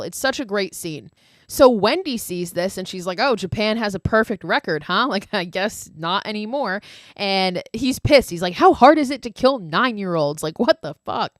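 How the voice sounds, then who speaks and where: A woman's voice: lowish voice, no room sound, clean studio sound. A woman podcast host casually retelling a horror film's plot, chatty, full of "like" and casual swearing. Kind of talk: casual movie recap.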